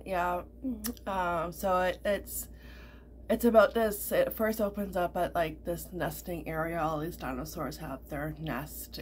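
Chatty woman with a low voice. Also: slight background noise. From Canada. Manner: chatty and rambling, many fillers and repeats. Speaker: vlogger. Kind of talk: casual chat.

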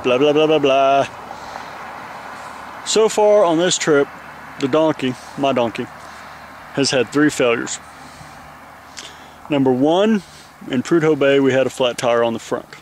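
A man films himself on a handheld camera from a roadside guardrail in the rain, weary, venting and rambling about his trip. His voice sits fairly high. Faint traffic passes in the background. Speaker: motorcycle traveler. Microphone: handheld camera held close.

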